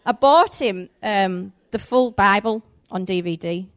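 A woman's voice: medium pitch, takes it slowly. A woman preaching a sermon in a conversational way, telling a story and acting out the voices in it.

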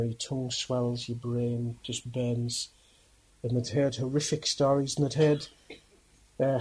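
A man preaching, telling a story earnestly and emphatically, with halting restarts. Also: medium pitch, darkish tone, husky, low-quality recording. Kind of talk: dramatic storytelling sermon.

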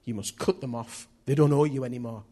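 A man's voice: mid-range voice, fairly even intonation, brisk, mellow. A man preaching a sermon in a chatty, jokey way, laughing at himself as he tells stories.

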